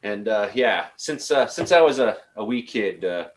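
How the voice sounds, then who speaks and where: Halting Canadian man hosting a call-in show. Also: fairly low pitch, expressive, slight background noise. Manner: halting, many fillers and restarts. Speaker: show host. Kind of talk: casual call-in chat.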